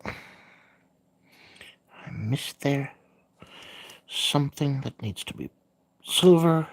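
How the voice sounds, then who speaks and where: A woman chatting casually on a livestream while painting miniatures, hesitant and full of filler pauses. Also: a bass voice, expressive.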